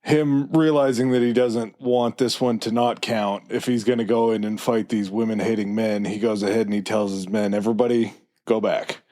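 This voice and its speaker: A man with a somewhat low voice tells a myth in a slow, measured way during a casual podcast chat. He keeps a relaxed pace and adds dry jokes as he goes. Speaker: podcast co-host.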